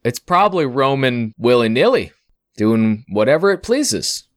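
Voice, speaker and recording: A man narrating a tabletop role-playing game as game master, in a relaxed, wry way. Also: medium pitch, unhurried, dry recording.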